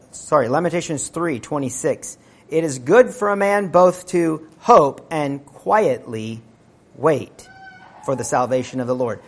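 A man preaching a sermon, earnest and emphatic, moving between loud stressed phrases and quiet asides. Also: a little high.

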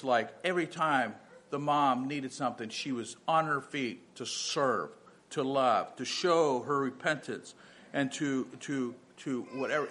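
A man's voice: mid-range voice, sharp tone. A man in his fifties, a pastor giving a sermon, moving from earnest personal storytelling to emphatic preaching with many restarts.

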